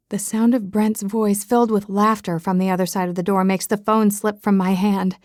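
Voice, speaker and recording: A woman's voice: medium pitch, steady tone, normal speed, hardly any pauses, darkish tone, dry recording, studio quality. A woman reading a first-person romance audiobook with a wry, comic storytelling manner. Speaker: audiobook narrator. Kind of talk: scripted first-person narration.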